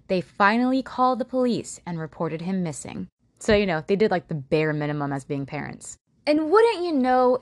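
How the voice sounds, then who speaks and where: A woman tells a true-crime story with a sarcastic, profane edge, mocking the people in it. Her pitch swings widely, and the sound is close and dry. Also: no echo. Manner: sarcastic, blunt and profane, mock voices for quotes.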